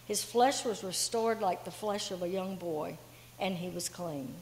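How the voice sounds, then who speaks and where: A woman reading a scripture lesson aloud in church, in a measured, formal manner. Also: on the low side, a little mellow, slight background noise. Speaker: lay reader. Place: church sanctuary. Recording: echoey church with faint room ambience.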